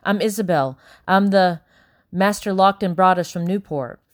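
A woman's voice: fairly low pitch, moderate pace, dry recording, studio quality, close to an everyday voice. A woman voicing a polite, wary young girl who answers deferentially. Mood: timid. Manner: timid and deferential.

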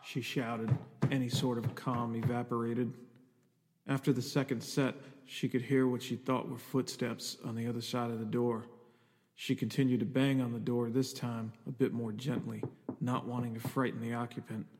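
A man reading a scripted horror story in a measured, even storytelling manner. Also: medium pitch. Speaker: narrator. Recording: long reverb with music underneath.

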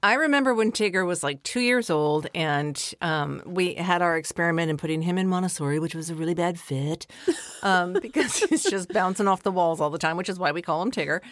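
A woman co-hosting a podcast, telling a personal story in a casual, animated way with some swearing. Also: on the low side, fairly quick, no echo, clean studio sound. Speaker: podcast co-host.

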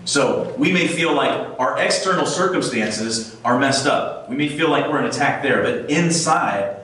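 A man's voice: mid-range voice, animated, a little slow, a bit bright, a little hiss or hum. A man preaching a casual sermon, reading scripture and asking his listeners questions. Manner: conversational, asks the listeners questions. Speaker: pastor. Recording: echoey room, mic far off.

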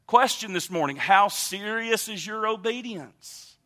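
Man, pastor, sermon, emphatic, high-pitched, bright tone. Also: expressive, unhurried. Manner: emphatic preaching with repetitions and wide swings in loudness.

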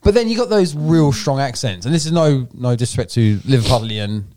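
A man's voice: mid-range voice, lively intonation, brisk, dark tone, slight background noise. A man hosting a casual podcast, joking and reading listener questions. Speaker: podcast host.

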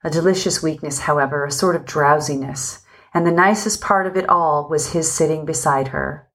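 A woman narrating a story in a low, soft-spoken voice. Her pace is slow and gentle, like an audiobook reader, and she speaks the characters' lines in her own voice without doing distinct voices. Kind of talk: scripted narration.

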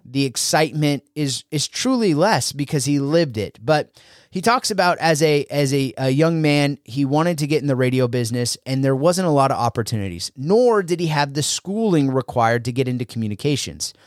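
A man's voice: medium pitch, expressive, normal speed, no echo. Male podcast host, earnest motivational talker, mid-range voice, dry recording. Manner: earnest, with frequent fillers and restarts. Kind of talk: motivational solo talk.

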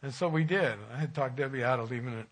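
Middle-aged man, church talk, folksy storyteller, average pitch, plain conversational delivery. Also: quick pace. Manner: folksy, conversational, with chuckling asides. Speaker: church speaker. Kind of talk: informal sermon.

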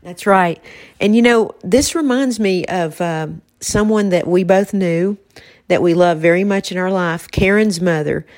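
Soft-spoken woman hosting a podcast. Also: on the low side, measured pace, no echo, clean studio sound. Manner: soft-spoken, reflective, emotional at times. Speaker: podcast host. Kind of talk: casual faith-based podcast chat.

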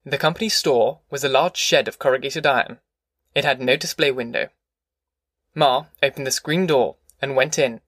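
Male audiobook narrator, measured, dry studio sound. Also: medium pitch, fairly bright tone, no room sound. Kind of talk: scripted narration.

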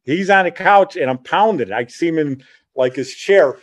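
A middle-aged man telling a childhood story in a rambling, animated way, often correcting himself partway through. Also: on the high side, moderate pace. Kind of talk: casual spoken reminiscence.

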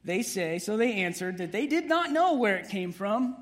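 A man preaches a conversational sermon. His voice sits high for a man. He jokes with the congregation and keeps the tone relaxed. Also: normal speed, hardly any pauses. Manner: conversational, humorous, with playful asides to the congregation. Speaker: pastor.

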